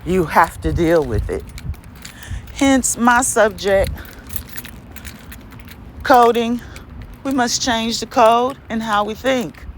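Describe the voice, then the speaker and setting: A woman hosting her podcast, preaching in an emphatic monologue full of rhetorical questions and laughs, with dramatic swings between high and low. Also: takes it slowly, long pauses, a little hiss or hum. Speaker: podcast host.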